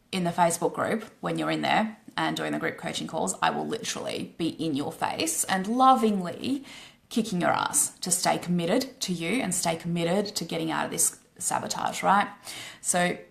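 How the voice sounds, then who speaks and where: An Australian woman talks straight to her viewers, a coach pitching her program in a loose, live-stream way. Her voice sits low with a strong gravelly fry, and she peppers her talk with swearing and a steady "right?". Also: measured pace. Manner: blunt and swearing, frequent "right?" tags.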